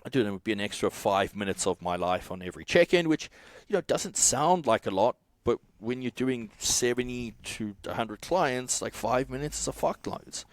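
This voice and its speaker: A man who coaches and co-founded a software company, telling a casual podcast story full of swearing, restarts and fillers. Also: mid-range voice, animated, normal speed, dry recording. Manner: swears often, rambling with restarts.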